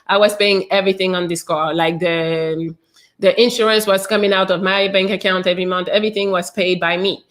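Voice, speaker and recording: A woman host casually telling a personal story, candid, swearing freely and using lots of fillers. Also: mid-range voice.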